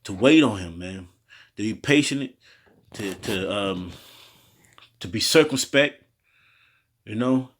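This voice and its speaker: A man's voice: on the low side, lively intonation. A man teaching scripture in a loose, slangy style, reading verses aloud and breaking in with his own asides. He often stumbles and restarts over hard words. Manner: halting over word pronunciations, restarting often. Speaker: street preacher teaching scripture. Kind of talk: informal Bible teaching.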